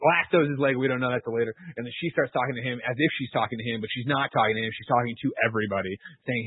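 Guy ranting fast about a movie, kinda husky, dry tinny phone sound. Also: mid-range voice, no room sound. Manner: animated, profane retelling of a movie plot. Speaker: podcast co-host. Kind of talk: casual chat.

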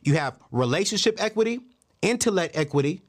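A man in his thirties hosting a podcast, telling stories and giving money and faith lessons in an animated, preacher-like way with emphatic repeats. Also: sits high, fairly quick. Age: 30s. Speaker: podcast host. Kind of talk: motivational talk on money and faith.

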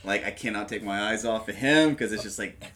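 A man chatting casually about a movie, rambling with lots of fillers and animated retelling of scenes. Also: fairly low pitch, a little fast.

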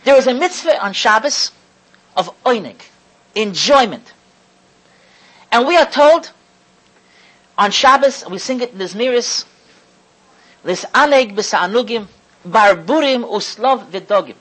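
Husky-voiced woman giving a Torah lecture. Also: fairly high pitch, animated, a bit bright, low-quality recording. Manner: emphatic, slows down to stress key words; repeats and restarts phrases while thinking aloud. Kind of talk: religious lecture to an audience.

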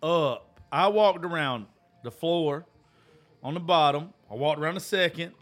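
A man's voice: a little high, unhurried, a bit bright. Profane, laughing male storyteller. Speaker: podcast host. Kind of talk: casual storytelling chat.

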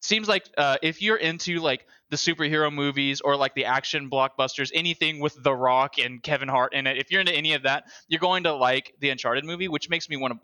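A man's voice: fairly high pitch, fairly quick, few pauses, pushed and bright. A man co-hosting a podcast in casual chat, rambling, swearing casually and laughing often. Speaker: podcast co-host.

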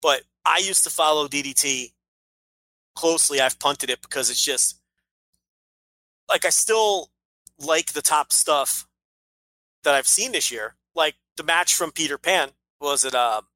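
A man's voice: a little high, a little slow, long pauses, pushed and bright, rough recording. A man co-hosting a casual podcast, ranting emphatically with frequent swearing and restarts. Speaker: podcast co-host.

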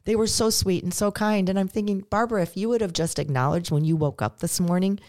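A middle-aged woman co-hosting a podcast talks fast in a medium-pitched voice during a casual chat. She earnestly tells a personal story in a conversational way, becoming animated as she acts out the lines she quotes.

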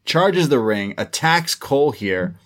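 A man co-hosting a podcast, recapping a wrestling show in a casual, animated way and slipping into voices for quotes. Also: medium pitch, measured pace. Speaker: podcast co-host.

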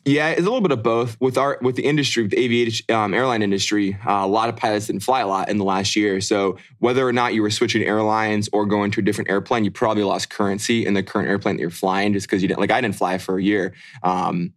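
A man's voice: on the low side, steady tone, fast, few pauses. A man in his thirties, a podcast co-host and airline pilot, talking in a laid-back, rambling way and laughing often. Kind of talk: casual chat.

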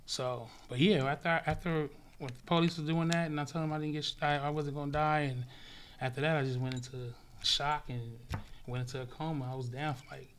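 A man from Los Angeles talks as an interview guest, his voice sitting a little high for a man. He tells his story in a loose, profane way and acts out the action with punchy sound effects. A faint hiss of noise sits under his voice. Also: fairly quick. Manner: animated, profane storyteller acting out events with sound effects like "boom". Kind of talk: casual storytelling in conversation.

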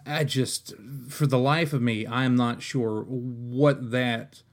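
Male podcast host, mid-pitched, in an exasperated comic rant that is profane and full of restarts. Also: steady tone, slow. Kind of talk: comedic rant.

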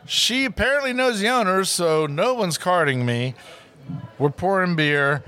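A man telling a story in casual chat, animated and acting out the people in it, recorded in a steakhouse booth. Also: high-pitched, measured pace.

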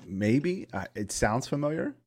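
A man's voice: medium pitch, very animated, unhurried, darkish tone. A man hosting a casual stream chat, laughing often and swearing freely. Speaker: stream host.

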